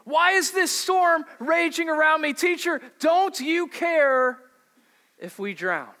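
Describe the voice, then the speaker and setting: Brief: man doing a panicked disciple, high strained pleading shout. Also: animated, slow pace, exaggerated voice. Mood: desperate. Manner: pleading, accusing, voice rising high. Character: frightened disciple crying out to God in a storm.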